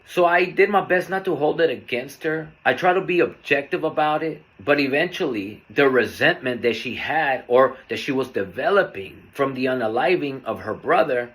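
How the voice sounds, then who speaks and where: A man hosting a podcast, telling a personal story in a candid, earnest, unhurried way. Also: medium pitch, a bit bright. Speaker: podcast host.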